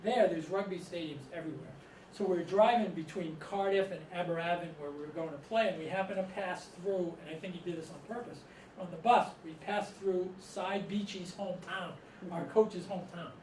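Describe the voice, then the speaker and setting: A man's voice: sits high, brisk, a little mellow. A middle-aged man from Massachusetts, telling rambling stories to a live audience and chuckling often. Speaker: author and storyteller. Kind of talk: storytelling talk to a live audience. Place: room with an audience. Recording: echoey room, distant mic, noisy.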